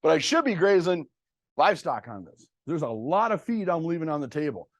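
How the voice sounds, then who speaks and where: A man's voice: on the high side, sing-song, fairly quick, no room sound. A middle-aged man giving a farm workshop presentation to farmers on cover crops, talking in a blunt, folksy and plainspoken way. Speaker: cover crop seed dealer presenting to farmers.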